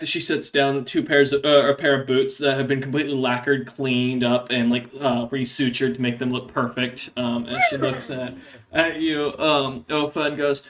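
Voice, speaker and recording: A man narrating as game master for a tabletop game, in loose, halting speech full of fillers. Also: medium pitch, expressive, a bit bright.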